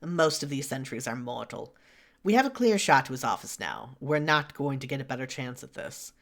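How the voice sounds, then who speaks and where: A man's voice: lively intonation, moderate pace, vocal fry. A man doing a whispering scheming vampire. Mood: hushed. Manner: hushed, low.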